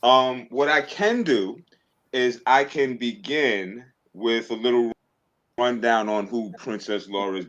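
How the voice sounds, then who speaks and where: A man's voice: medium pitch, takes it slowly, fairly bright tone, dull audio. A man hosting a livestream, hesitant and full of fillers, then reading a passage aloud. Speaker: livestream host.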